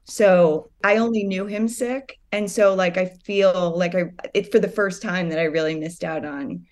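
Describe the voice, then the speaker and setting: A woman's voice: lowish voice, measured pace, darkish tone. A woman guest speaking openly and reflectively about her feelings in a casual chat. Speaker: guest listener.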